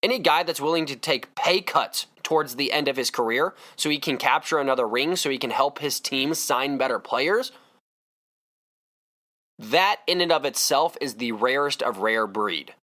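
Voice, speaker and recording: A man's voice: mid-range voice, moderate pace, bright, forceful tone. A man hosting a solo sports podcast, ranting in a fired-up, emphatic way. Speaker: podcast host.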